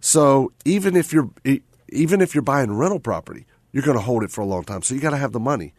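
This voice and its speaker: A man's voice: mid-range voice, lively intonation, fast, darkish tone, no echo, clean studio sound. A man hosting a radio talk show, chatting casually and tagging his points with "right?" and repeated phrases.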